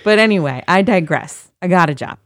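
A low-pitched woman in her forties talks frankly and wryly, with a dry, close sound. She is a former radio host in casual chat, swearing freely. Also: animated, fairly quick, no room sound. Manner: candid, profane, wry storyteller.

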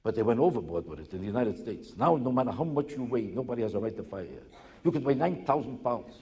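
A man's voice: medium pitch, animated, fast talker, noisy background. A man doing a stand-up comedy routine, with a punchy, sarcastic joke delivery, played as a clip. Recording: clip with long hall reverb.

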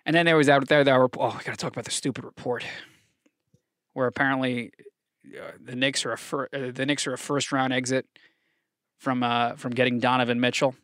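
A man hosting a casual solo sports podcast, excitable and profane, swinging from shouted hype to low muttering. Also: a little fast, clear, resonant tone, no echo, clean studio sound. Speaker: podcast host.

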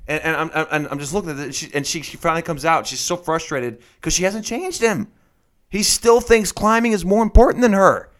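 A man with a slightly high voice, chatting casually. He tells the story with energy and drops into different voices for the people he quotes. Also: a little fast. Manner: animated storyteller who acts out quotes in shifting voices. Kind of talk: casual chat.

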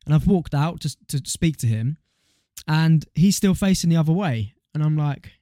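A man's voice: fairly high pitch, lively intonation, normal speed, warm tone, no room sound, studio quality. Slangy young man. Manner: slangy, storytelling, laughs easily. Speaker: podcast co-host. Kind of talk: casual chat.

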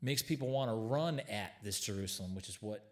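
A man's voice: lowish voice, brisk. A man co-hosting a casual church chat, earnest, restarting his words, with dry quips. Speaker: co-host.

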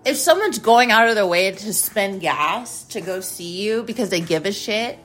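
A woman's voice: medium pitch, lively intonation, normal speed, a bit bright, soft background music. A woman hosting her own show, ranting casually in a blunt, profane, rambling way. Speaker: host. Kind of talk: casual rant to camera.

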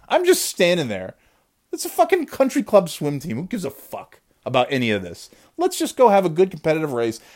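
Guy ranting thru a funny story, swears constantly, mocking, fired up. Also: mid-range voice. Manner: animated, swears a lot, mocking. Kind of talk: profane comedic storytelling.

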